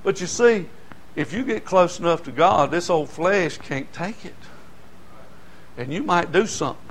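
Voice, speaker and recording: An older preacher with a high, bright voice. He tells folksy stories from the pulpit in an animated sermon and breaks into shouts. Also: normal speed. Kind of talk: sermon storytelling.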